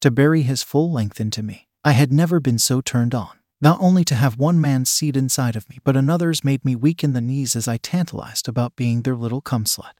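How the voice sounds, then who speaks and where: Man reading a story in a steady voice. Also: mid-range voice, brisk, few pauses, dry recording, clean studio sound. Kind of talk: reading an erotic story aloud.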